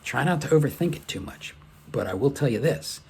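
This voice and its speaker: A man voicing a seasoned older woman, an executive assistant who gives blunt, brisk, matter-of-fact advice. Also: medium pitch, animated, gravelly, warm tone, husky, full character voice.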